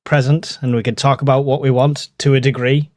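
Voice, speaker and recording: A man's voice: medium pitch, level tone, fairly quick, darkish tone, dry recording, studio quality. A man from the UK hosting a live podcast stream in casual chat, joking and laughing often. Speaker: podcast host.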